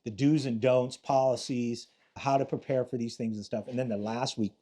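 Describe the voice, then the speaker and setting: A man's voice: mid-range voice, steady tone, normal speed, mellow. An older man, a retired police detective, telling rambling, profane stories in a casual interview, often restarting his sentences.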